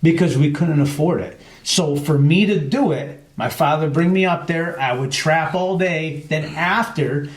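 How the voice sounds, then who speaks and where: A middle-aged New Yorker with a fairly high voice tells hunting stories at a moderate pace with few pauses. He's a chapter president appearing as a guest on a casual podcast, retelling events animatedly and doing the voices of the people he quotes, in an echoey room.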